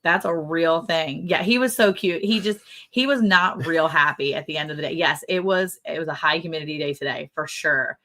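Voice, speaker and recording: A woman's voice: deep voice, normal speed, few pauses, pushed and bright. A middle-aged woman co-hosting a casual livestream chat, talking in a chatty, rambling way and laughing often. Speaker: livestream co-host.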